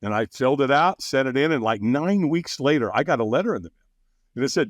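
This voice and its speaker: A man telling stories as a guest on a podcast, animated and quick to laugh, often acting out what others said. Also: mid-range voice, dry recording, studio quality. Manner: animated, acts out quoted voices, laughs often. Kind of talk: casual interview storytelling.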